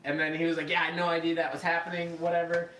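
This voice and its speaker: A podcast host tells a story with a bright, cutting tone, throwing in profanity and playing out each quoted line. He sits a bit far from the mic in a reverberant room. A faint hiss sits underneath. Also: fairly high pitch, racing. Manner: profane, animated, acts out quoted voices. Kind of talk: casual storytelling.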